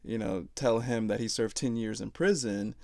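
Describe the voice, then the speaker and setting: Laid-back young man with a gravelly, creaky voice, blunt and swearing. He chats casually as a podcast co-host, recorded dry and close. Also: fairly low pitch, normal speed, dark tone, no echo. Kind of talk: casual chat.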